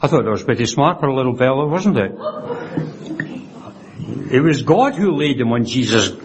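A man delivering a sermon in an earnest, reverent voice of middling pitch. He quotes scripture slowly and often caps his points with a little tag question. His phrasing stumbles and restarts as he thinks aloud. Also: big pitch swings, dull audio, noisy background. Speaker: preacher.

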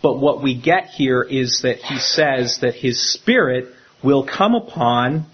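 A man, a pastor, preaching a sermon in an animated way and acting out the quotes he tells. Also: medium pitch, slow, dull audio, a little hiss or hum.

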